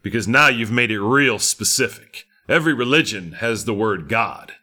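A man's voice: lowish voice, expressive, moderate pace, pushed and bright. A middle-aged man preaching a sermon, fervent and emphatic, with lots of repetition.

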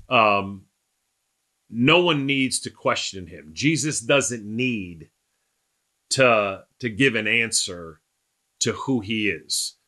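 Emphatic, bright-voiced male Bible teacher. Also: medium pitch. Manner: emphatic, keeps checking in with "right?"; rhetorical questions to listeners.

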